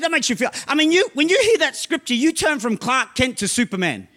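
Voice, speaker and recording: Man, pastor, very high-pitched voice, emphatic sermon, sudden shouts, slow scripture reading. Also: big pitch swings. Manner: emphatic preaching, often asking "right?", slow scripture reading; bursts into loud shouts.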